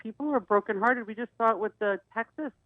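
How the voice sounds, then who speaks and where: A woman's voice: a little high, fast talker, dry recording. A middle-aged woman co-hosting a radio talk show, telling personal stories in an earnest way with many restarts. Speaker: co-host. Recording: dry, phone-like radio sound.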